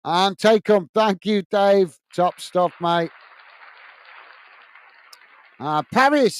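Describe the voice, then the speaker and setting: A man from England with a high, smooth, clear voice calls a football match for a live fan stream. He reads viewer comments aloud between passages of play and cheers on his side. The sound is close and dry, with no room around it. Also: slow, pauses often, no room sound. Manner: chatty, reads out viewer comments, partisan for his own team. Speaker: watch-along host and commentator.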